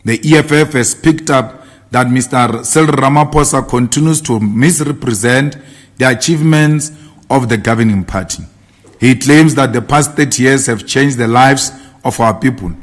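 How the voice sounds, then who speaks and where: A man's voice: medium pitch, normal speed. Man giving a political speech. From South Africa. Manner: declamatory, repetitive rallying cadence. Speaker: party leader giving a statement.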